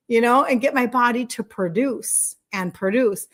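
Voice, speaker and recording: A woman's voice: fairly high pitch, normal speed, few pauses. Effusive chatty woman in her sixties. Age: 60s. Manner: effusive, chatty, rambling with laughs. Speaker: wellness coach selling supplements. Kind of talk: live-stream chat with viewers.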